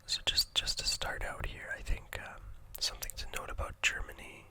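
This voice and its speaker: A host with a Canadian accent whispering softly through a relaxed ASMR map tour, gently hesitant. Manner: soft, unhurried, gently hesitant with fillers.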